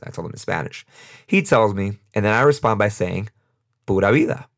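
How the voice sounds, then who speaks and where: A man's voice: fairly low pitch, brisk. A young man with a New York accent, hosting a casual solo podcast and talking in a rambling, off-the-cuff way with frequent laughs. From United States, New York. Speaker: podcast host.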